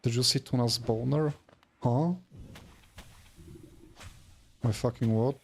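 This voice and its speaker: Tired gravelly-voiced man streaming. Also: mid-range voice, normal speed. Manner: rambling, self-deprecating, swears casually. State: tired after work. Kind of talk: casual gaming livestream chat.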